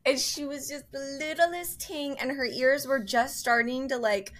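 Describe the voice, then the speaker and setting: A woman's voice: high-pitched, steady tone, unhurried. A woman co-hosting a podcast, chatting casually and bubbly, laughing often. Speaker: podcast co-host. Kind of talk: casual chat.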